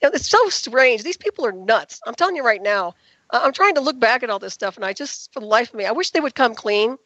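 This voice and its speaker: A woman with a slightly high voice talks very fast as a guest on a radio interview. Her delivery is emphatic and indignant. The recording is dull and lo-fi, with a dry, close sound. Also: lively intonation, fairly bright tone, no room sound.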